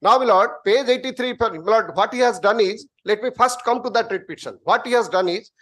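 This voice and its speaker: Insistent high-voiced advocate, Indian English. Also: male voice, fairly quick, fairly bright tone. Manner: insistent, addresses the bench as my lord. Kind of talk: courtroom argument. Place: courtroom.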